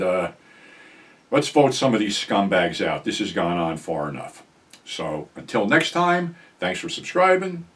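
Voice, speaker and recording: An older man hosting his own show, telling a rambling, profane story in a casual, animated way. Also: fairly low pitch, far from the mic. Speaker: show host.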